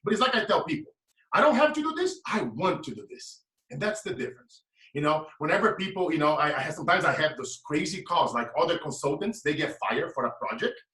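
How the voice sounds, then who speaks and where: A man's voice: fairly high pitch, sing-song, quick pace, sharp tone. A man, giving a preaching, emphatic motivational talk as a guest speaker. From Brazil. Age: late 30s. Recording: echoey room, mic at a distance.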